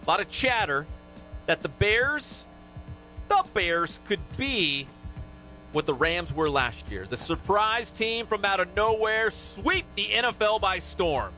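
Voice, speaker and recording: Bright high-voiced sports radio host. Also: male voice, expressive, slow, soft background music. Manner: joking, reads sponsor plugs. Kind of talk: sports talk radio banter. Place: radio studio. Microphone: studio microphone.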